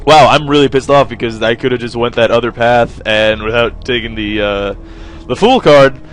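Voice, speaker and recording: A man's voice: medium pitch, moderate pace, soft background music. Rambling young man, gameplay commentary. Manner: rambling, wry, swears when frustrated. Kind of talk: let's play commentary.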